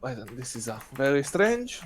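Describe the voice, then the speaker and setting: A man's voice: medium pitch, very animated, normal speed, slight background noise. A man playing a ship's captain in a tabletop game, speaking in a hesitant, stammering way. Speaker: player. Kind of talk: in-character tabletop role-play.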